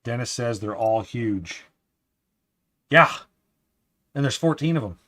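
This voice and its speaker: A man's voice: medium pitch, lively intonation, slow pace. Chatty man muttering over a Lego build. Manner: chatty, opinionated, reads out viewer comments; often drops to quiet muttering while building. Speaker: livestream host building Lego. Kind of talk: casual live-stream chat.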